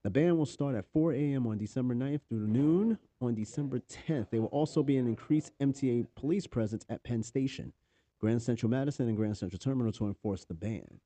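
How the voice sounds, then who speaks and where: A man's voice: mid-range voice, a little fast, mellow, dry recording. A married man with a New York accent hosting a podcast, reading news articles aloud and breaking in with offhand, profane asides. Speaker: podcast host. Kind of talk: casual news commentary.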